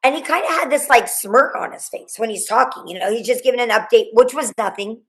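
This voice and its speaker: A middle-aged woman being interviewed, recounting a frightening night in a rambling, halting way, full of restarts and quoted dialogue. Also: fairly high pitch, lively intonation, fairly bright tone, rough recording. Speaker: guest, mother of a murdered student. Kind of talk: emotional interview storytelling.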